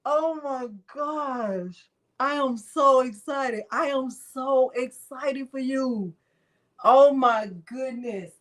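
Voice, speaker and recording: A woman's voice: high-pitched, slow pace. A middle-aged woman hosting a crafting livestream, gushing and exclaiming to viewers as she runs a prize drawing. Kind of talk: excited live stream chat. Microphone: desk microphone.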